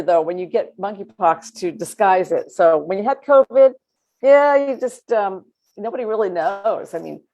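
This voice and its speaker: A woman co-hosting a political talk show, chatting casually in an animated, sarcastic way and laughing as she talks. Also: fairly low pitch.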